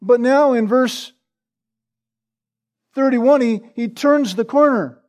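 A man with a noticeably high-pitched voice delivers an expository sermon as pastor. He speaks slowly and earnestly, leaning on repetition for emphasis. He keeps tagging his points with a rhetorical "right?". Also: a little mellow. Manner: earnest, rhetorical, frequent "right?" tag questions; slow and deliberate with emphatic repetition.

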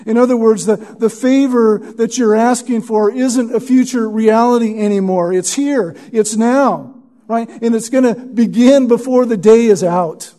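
A man preaching a sermon as pastor, teaching through scripture and sinking to a hushed tone when he quotes. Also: very high voice, measured pace.

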